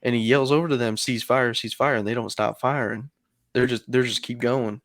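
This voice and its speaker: A podcast co-host tells a long story in casual conversation, with plenty of fillers and some swearing. His mid-range voice has fairly even intonation and moves a little fast, captured with clean studio sound and no echo.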